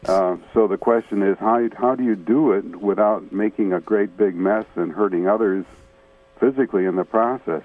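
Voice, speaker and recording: A man's voice: on the low side, moderate pace. A man calling in to a radio show, making his point in an earnest, plain-spoken way. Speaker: caller. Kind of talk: phone-in comment. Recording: tinny phone line.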